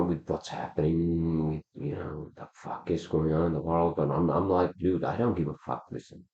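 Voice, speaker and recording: A man hosting a solo podcast, ranting heatedly and swearing a lot, often asking "all right?". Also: sits low. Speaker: podcast host. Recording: roomy, dull lo-fi sound.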